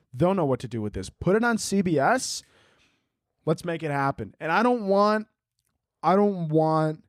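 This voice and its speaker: A man's voice: on the high side, no room sound, studio quality. A young man hosting a solo podcast late at night, rambling, swearing a lot and riffing goofily. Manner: rambling, profane, goofy riffing. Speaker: podcast host. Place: room at home, late night.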